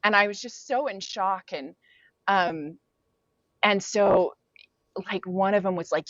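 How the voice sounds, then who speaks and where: A woman's voice: medium pitch, measured pace, long pauses, a bit bright, no echo, highs cut off. A woman, a podcast guest, telling a personal story in casual conversation, filling her sentences with "like" and "um". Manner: casual, frequent "like" and "um" fillers.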